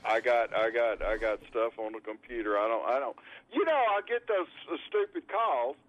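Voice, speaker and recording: A man's voice: mid-range voice, animated, moderate pace, fairly bright tone. A man calling in to a radio-style talk show, rambling and wry, repeating himself as he talks. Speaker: caller. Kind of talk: casual chat on a call-in show. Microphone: phone. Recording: tinny phone line.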